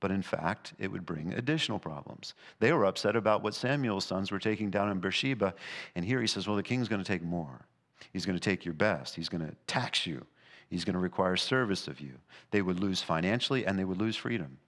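A man preaching a sermon, emphatic, rising high and loud in places and dropping low and quiet in others. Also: animated, a little fast. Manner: emphatic preaching, rising and falling in pitch and volume. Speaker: pastor.

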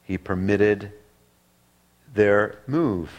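A man preaching a sermon that works through a passage, speaking deliberately with drawn-out pauses and emphatic repetition. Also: lowish voice, muffled recording. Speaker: pastor. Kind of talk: expository sermon.

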